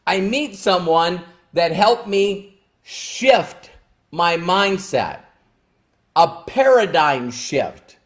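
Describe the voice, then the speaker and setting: A man's voice: high-pitched, very animated, extremely slow. A man hosting a motivational live stream, speaking emphatically and repeating key phrases with emotion. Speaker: livestream host.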